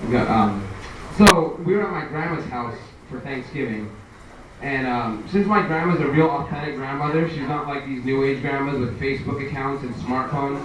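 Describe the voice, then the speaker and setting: A man's voice: medium pitch, moderate pace. A young man doing a stand-up comedy set, talking conversationally and acting out the people in his stories. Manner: conversational, acts out quoted voices. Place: live comedy venue. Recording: echoey room from far off with noise.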